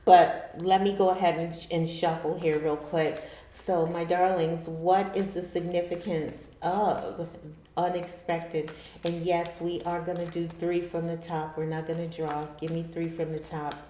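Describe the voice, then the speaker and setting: A woman's voice: fairly low pitch, little pitch movement, measured pace, mellow, slight background noise. A woman giving a chatty tarot reading to her viewers, calling them her darlings. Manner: chatty, laughs often, addresses viewers as darlings. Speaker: tarot reader. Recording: echoey room.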